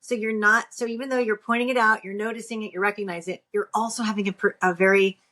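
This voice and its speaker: A woman's voice: medium pitch, fairly even intonation, quick pace, sharp tone. A woman co-hosting a podcast, giving earnest, encouraging advice in casual conversation. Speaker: podcast co-host.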